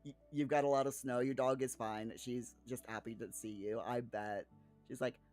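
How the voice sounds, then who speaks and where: A man's voice: mid-range voice, fairly even intonation, normal speed, a little mellow, soft background music. Chatty man answering his viewers. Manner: rambling, with frequent restarts and chuckles. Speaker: streamer reading chat. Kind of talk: casual chat.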